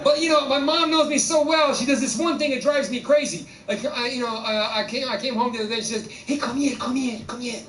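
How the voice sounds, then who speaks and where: A man's voice: extremely high pitch, fairly even intonation, quick pace, few pauses, a bit bright. A man doing a stand-up comedy set about his mother, imitating her pushy voice. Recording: echoey room, far from mic, noisy crowd.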